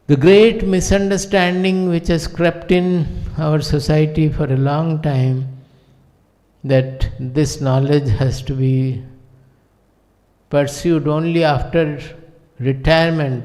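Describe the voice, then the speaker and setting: Slow Indian man giving a spiritual discourse. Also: medium pitch, warm tone. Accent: Indian English. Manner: measured, deliberate, in short broken phrases. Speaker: spiritual teacher. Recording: long hall reverb.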